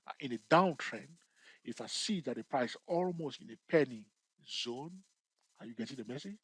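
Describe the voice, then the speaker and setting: Teaching chart trading over a screen share, a man keeps asking "okay?" and "all right?", repeats himself, and laughs at his own jokes now and then. He sounds animated at a normal speed, his mid-range voice fairly bright with a breathy edge and no echo.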